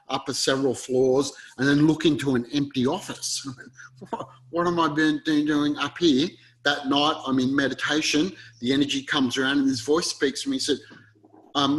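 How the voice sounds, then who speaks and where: Guy rambling earnestly thru a story, voices the bits he quotes, mid pitch. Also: a bit bright, poor audio. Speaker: interview guest. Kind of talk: storytelling interview.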